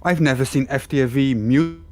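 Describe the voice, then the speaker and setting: A man's voice: mid-range voice, fairly quick. A man joining a casual live stream chat as a guest, speaking in a dry, teasing way and laughing at his own jokes.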